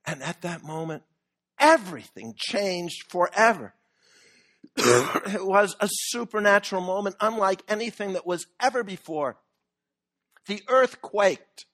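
A man preaching a sermon earnestly, with measured pauses that build to emphatic peaks. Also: sits high, expressive, a bit bright.

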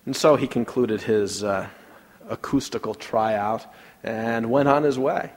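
A man preaching a sermon, leading a prayer and telling a story, swinging from loud to hushed. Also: mid-range voice, a little slow. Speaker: pastor. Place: church sanctuary. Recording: long reverb of a large hall.

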